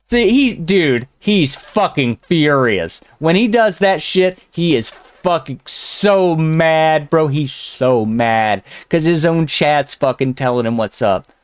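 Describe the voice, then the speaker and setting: A man with a smooth, clean voice recorded close and dry, delivering profane reaction commentary. He mocks and rants at the person on screen and swears constantly. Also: on the high side, lively intonation, takes it slowly, no echo. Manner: mocking, ranting, heavy swearing. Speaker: host reacting to clips.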